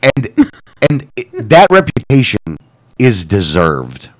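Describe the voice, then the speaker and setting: Male talk-show co-host, mid pitch, very lively intonation, casual storyteller who quotes phone calls. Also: slow. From Florida. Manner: animated, retelling phone calls with quoted dialogue and self-corrections.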